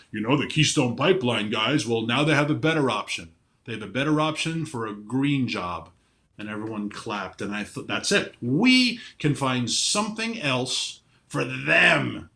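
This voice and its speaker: Emphatic, animated man. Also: medium pitch. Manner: animated, emphatic, repeats words at starts. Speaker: podcast guest, energy advocate. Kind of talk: impassioned conversational argument.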